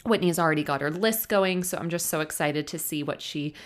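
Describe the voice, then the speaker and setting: A woman's voice: low-pitched, a little fast. A young woman hosting her own podcast, chatting casually and gushing with emotion, close to tears. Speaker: podcast host. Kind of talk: casual solo podcast chat.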